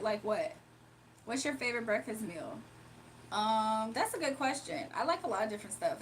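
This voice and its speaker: A woman's voice: a little high, slight background noise. A woman hosting a casual livestream from home, reading and answering viewers' chat with frequent laughs. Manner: chatty, laughs often, answers viewers directly. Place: home, early morning.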